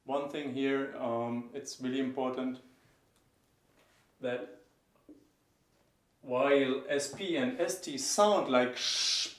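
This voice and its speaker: Man, language teacher, unhurried explaining, echoey room. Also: mid-range voice. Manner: explanatory, repeats example words slowly. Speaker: German teacher. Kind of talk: pronunciation lesson.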